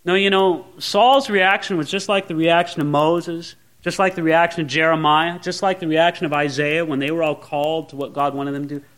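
A man's voice: on the high side, steady tone, a little fast, hardly any pauses, a bit bright. A male pastor preaching a sermon, acting out the lines of biblical characters.

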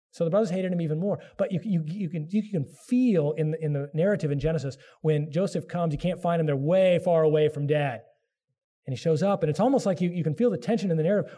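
A man's voice: fairly high pitch, mellow. A middle-aged man preaching a sermon as pastor, earnest, sometimes acting out the voices of biblical figures.

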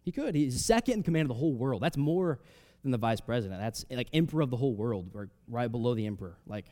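A man preaching a sermon, reading scripture aloud and explaining it in a conversational way, swinging between loud emphatic rises and soft drops. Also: mid-range voice, lively intonation, quick pace. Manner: reads scripture aloud, then explains it casually with fillers.

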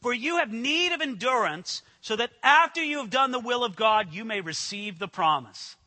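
A man delivers an earnest sermon in a high, bright, forceful voice. He leans hard on scripture quotes, slowing to stress each word. His voice carries a long reverb through a large hall. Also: expressive. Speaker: pastor. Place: church hall with an audience.

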